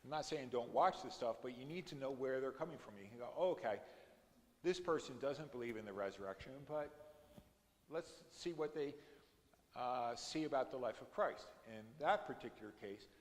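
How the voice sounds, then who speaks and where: A man's voice: mid-range voice, in a large hall. A man teaching an adult education class at a church, explaining scripture readings step by step and rising to emphatic moments when he quotes them.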